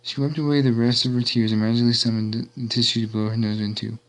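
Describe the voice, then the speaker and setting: A man casually reading a fan-written story aloud. His delivery is relaxed and unpolished, at an everyday pitch. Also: fast talker.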